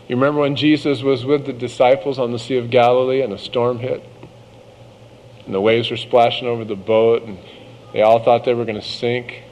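A man preaching a sermon, reading scripture slowly and measuredly, then breaking into casual asides. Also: mid-range voice, flat delivery, a little mellow, long reverb tail, a little hiss or hum, rough recording.

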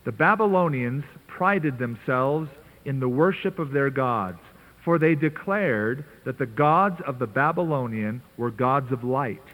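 A man's voice: medium pitch, expressive, a little slow, fairly bright tone. A man preaching a sermon in an earnest, conversational way with emphatic asides. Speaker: pastor. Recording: tinny narrow-band radio broadcast.

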